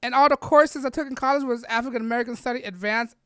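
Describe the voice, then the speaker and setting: Combative woman podcast host, higher pitch, repeats points and tags them with "right?"; dry, close mic. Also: fast talker, fairly bright tone, clear, resonant tone, no room sound. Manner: rambling, caps nearly every point with a questioning "right?" or "all right?"; blunt and combative, repeats herself. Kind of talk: opinionated political rant monologue.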